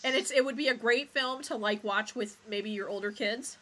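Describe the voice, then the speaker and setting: A woman co-hosting a podcast in relaxed conversation, laughing easily and swearing casually. Her voice is bright and somewhat high. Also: moderate pace. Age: adult, recalls childhood viewing. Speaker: podcast co-host. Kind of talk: casual chat.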